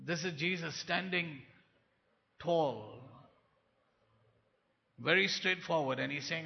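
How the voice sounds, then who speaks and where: A man preaching a sermon, swinging from quiet, low lines to loud, forceful bursts. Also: slow, creaky, long pauses. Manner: dramatic swings between soft and loud delivery. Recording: dull, echoey hall sound.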